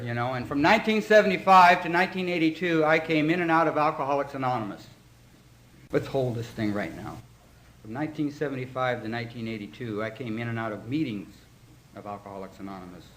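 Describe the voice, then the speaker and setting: A man speaking at a podium in a meeting hall, his voice sitting a little high for a man. He tells his story with raw, animated feeling, and the room's echo hangs on every line under a faint hum of background noise. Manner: animated, emotional storytelling with crowd laughter. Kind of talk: personal testimony talk. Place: meeting hall before an audience.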